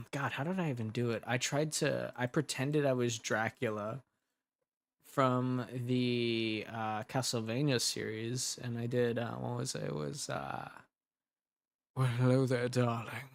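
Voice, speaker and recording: A man's voice: medium pitch, steady tone, a little slow, gravelly, no room sound. A young man, an audio drama creator, chatting casually and brainstorming ideas, rambling and laughing as he cuts himself off. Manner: rambling, giggly, self-interrupting.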